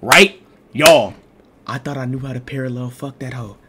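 A man telling a story to his live stream chat, slangy and excitable, swinging between mumbled asides and loud exclaims. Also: medium pitch, normal speed, noisy background.

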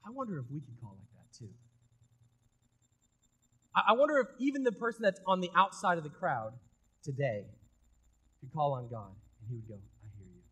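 Male pastor, sermon, high voice, slightly husky, casual conversational preaching, loud bursts then hushed intensity. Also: very animated, normal speed, pauses often. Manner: swings between loud emphatic bursts and quiet intensity.

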